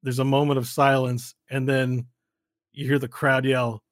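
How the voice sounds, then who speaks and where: A man narrating a tabletop game as game master, telling the story slowly and dramatically. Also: mid-range voice, little pitch movement, no echo.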